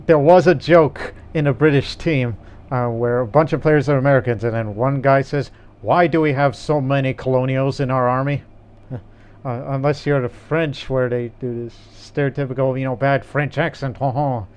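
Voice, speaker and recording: A man's voice: mid-range voice, fairly even intonation, normal speed, darkish tone, clean tone. A man co-hosting a casual gaming podcast, rambling with fillers and restarts. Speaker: podcast co-host.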